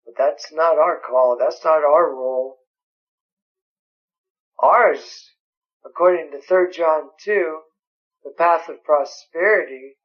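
A man's voice: a little high, takes it slowly, pauses often. A man preaching a sermon, emphatic and quoting scripture at length. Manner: emphatic, quotes scripture in several languages. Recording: dull lo-fi recording.

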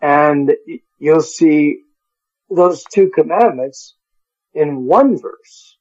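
A man's voice: fairly high pitch, drawn-out words, long pauses, a little mellow, husky, muffled recording. A man teaching a Bible study, carefully sounding out Greek words and chuckling at his own stumbles over hard terms. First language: English.

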